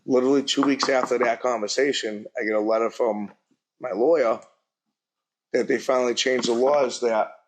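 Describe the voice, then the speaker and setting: A middle-aged man telling his own story at a public forum, speaking plainly and haltingly. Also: fairly low pitch. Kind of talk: personal testimony at a public forum. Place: university event hall.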